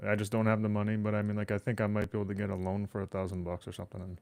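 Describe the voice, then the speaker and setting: Low-voiced guy hosting a home podcast, loose and profane, dry close mic. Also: monotone, rapid-fire, vocal fry, darkish tone, no room sound. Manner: rambling, swears freely, talks to chat. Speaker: podcast host. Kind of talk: casual solo livestream chat. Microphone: desk microphone.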